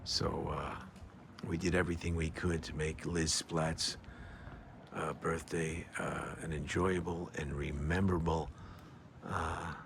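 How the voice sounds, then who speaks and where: An older man talking in a casual, rambling monologue outdoors, halting often with fillers and restarts. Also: extremely low pitch, little pitch movement, creaky, a little hiss or hum. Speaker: vlogger.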